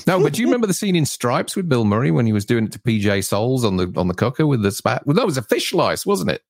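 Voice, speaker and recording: A man's voice: mid-range voice, very animated, fast talker, no room sound, clean studio sound. A man co-hosting a casual live-stream chat, easygoing and reading viewer comments aloud. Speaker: co-host.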